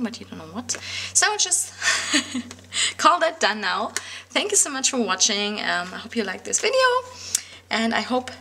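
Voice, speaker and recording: Bright-voiced German woman vlogger, casual and hesitant, lively intonation. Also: medium pitch, a little hiss or hum. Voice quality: audible lip smacking. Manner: chatty, hesitant, many ums and little laughs. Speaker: planner vlogger. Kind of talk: casual talk to camera.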